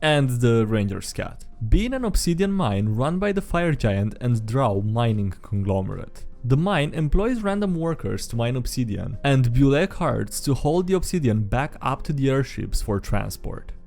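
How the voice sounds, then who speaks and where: A man's voice: mid-range voice, normal speed, creaky, hardly any pauses, faint music behind. A man reading tabletop game stories aloud and commenting on them, laughing often between lines. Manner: laughs often, animated asides.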